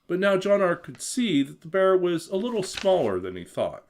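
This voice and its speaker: A man reading his own children's story aloud in a gentle, expressive storytelling manner, then chatting casually with his stream viewers. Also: normal speed, a little hiss or hum. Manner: expressive, gentle storyteller who swings his pitch a lot.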